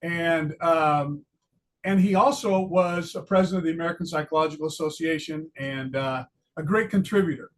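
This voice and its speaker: A man's voice: fairly high pitch, moderate pace. Chatty retired man teaching psychology. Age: older. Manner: chatty, self-deprecating, many fillers and restarts. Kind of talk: casual lecture video.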